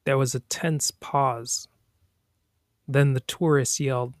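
A man hosting a podcast, reading a daily motivational passage aloud in a slow, deliberate way. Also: medium pitch, fairly even intonation, dry recording, studio quality. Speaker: podcast host.

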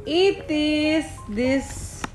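A woman's voice: high voice, very slow, a little mellow, soft background music, pitched above the performer's own voice. Woman doing a lost, polite talking goat. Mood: lost, grateful.

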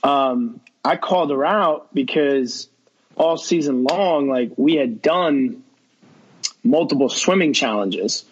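A man's voice: mid-range voice, takes it slowly, breathy edge, lo-fi sound. A young man talking as a podcast guest, telling a long story in rambling casual chat full of fillers and quoted dialogue.

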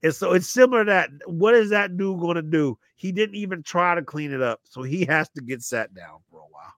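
High-voiced guy on a podcast, storytelling and laughing a lot, dry close sound. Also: brisk, dry recording. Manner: animated storyteller, laughs often, acts out quotes. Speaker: podcast co-host. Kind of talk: casual chat, storytelling.

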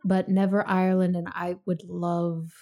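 A woman's voice: on the low side, little pitch movement, moderate pace, dull audio. A woman hosting a casual movie podcast, chatty and laughing often, reading a film synopsis aloud. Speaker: podcast host. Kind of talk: casual movie review chat.

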